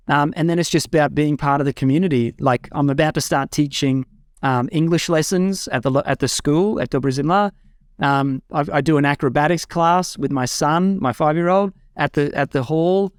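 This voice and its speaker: This studio-quality, dry recording captures a young adult man with a fairly high pitch speaking at normal speed. He's a guest chatting casually and with enthusiasm from his rural eco-village home, often using fillers and restarting.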